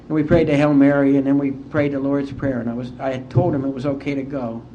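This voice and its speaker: A middle-aged man from West Virginia, speaking as an AA speaker and telling his recovery story to a conference in a heartfelt, unhurried way. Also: medium pitch, flat delivery, a little hiss or hum. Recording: dull lo-fi conference tape.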